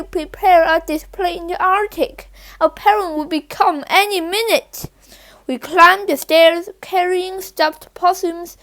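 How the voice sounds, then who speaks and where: A woman reads a children's picture book aloud, stumbling and restarting now and then. Her voice is very high, and she takes the text slowly and carefully. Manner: halting, with slips and restarts. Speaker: reader.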